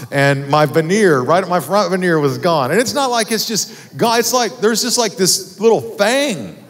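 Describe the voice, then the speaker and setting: Animated pastor in an echoing hall. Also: male voice, sits high. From Texas. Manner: animated storytelling, casual and self-deprecating. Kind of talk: sermon. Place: church auditorium.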